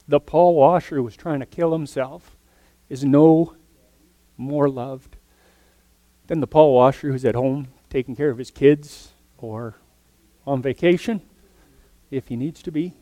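An earnest male preacher delivers his sermon in a middle-pitched voice. He punches some lines loudly and drops others to a hush. The sound is dry, with no room echo. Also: a little slow, pauses often. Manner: earnest, swings from loud emphasis to soft near-whispers.

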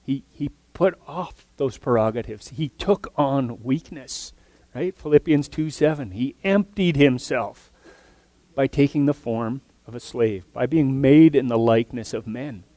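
A man preaching a sermon earnestly, his voice swinging from loud emphatic lines to soft, near-whispered ones. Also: medium pitch, a little slow, no room sound.

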